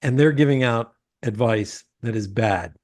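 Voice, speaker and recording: A man's voice: mid-range voice, measured pace. A man hosting a business interview, telling stories with laughs and frequent filler words. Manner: animated storyteller, laughs often, many uh fillers. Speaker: podcast host. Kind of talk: casual interview chat.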